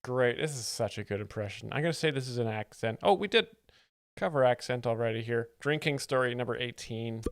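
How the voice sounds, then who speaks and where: A man in a mid-range voice commenting over a comedy clip, treating each bit with dry, mock-serious analysis. His delivery is deadpan throughout, and the recording is close and dry with no room sound. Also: medium pitch, fairly quick, clean tone, no echo. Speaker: joke explainer host.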